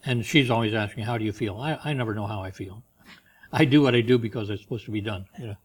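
A man preaching a sermon in a conversational way, moving between loud, emphatic reading and quiet asides. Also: fairly low pitch, fast talker. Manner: reads scripture and commentaries aloud with rising emphasis. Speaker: pastor.

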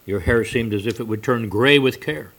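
A man gives voice to the Lord, a meek yet majestic stranger who asks pleading questions in a soft but stern tone. His voice sits in the mid range and moves at a moderate pace.

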